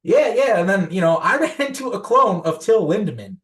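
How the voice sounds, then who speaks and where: A man's voice: high voice, big pitch swings, a little fast, fairly bright tone. A young man from the United States, a podcast guest, telling conspiracy stories in a rambling way, full of fillers and restarts. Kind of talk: casual conspiracy storytelling.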